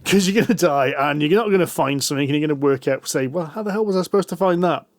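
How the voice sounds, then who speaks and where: Fast-talking man, higher voice. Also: no echo. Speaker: podcast co-host. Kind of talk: casual chat.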